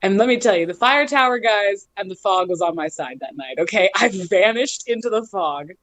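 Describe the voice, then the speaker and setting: A woman guest telling lively stories in a casual chat, often laughing as she talks. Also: mid-range voice, a little fast, no room sound. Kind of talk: casual storytelling.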